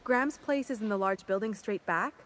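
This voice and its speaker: A woman's voice: mid-range voice, brisk, a bit bright, a little hiss or hum, natural voice. A woman playing an earnest frontier settler. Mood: matter-of-fact. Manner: earnest and plain-spoken. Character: welcoming frontier settler woman, proud of freedom. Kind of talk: video game character dialogue.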